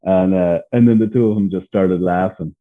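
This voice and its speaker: A man's voice: low-pitched, normal speed. An Irish man, a podcast guest, telling his story in a blunt, profane, candid way and laughing as he goes. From Ireland. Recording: phone-like narrow sound.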